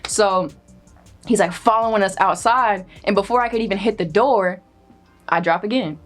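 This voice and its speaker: A young woman spins a funny story with lively, expressive delivery, swearing as she goes and slipping into the voices of the people she quotes. Her pitch sits in a middle range, and faint music plays underneath. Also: normal speed. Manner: animated, profane, acts out quoted voices. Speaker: storyteller guest. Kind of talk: casual comedic storytelling.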